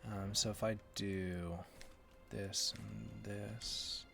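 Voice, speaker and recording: Slow, gravelly-voiced man streaming. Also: lowish voice, level tone, fairly bright tone, faint music behind. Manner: thinking aloud, unsure, mumbling menu names. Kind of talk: casual gameplay chat.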